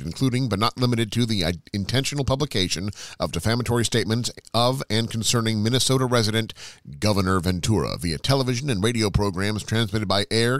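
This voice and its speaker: Brief: low-voiced male podcast co-host reading legal papers aloud, dry close mic. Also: fairly bright tone, no echo. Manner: reads long legal text steadily, laughing at it. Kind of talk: casual chat and reading documents aloud.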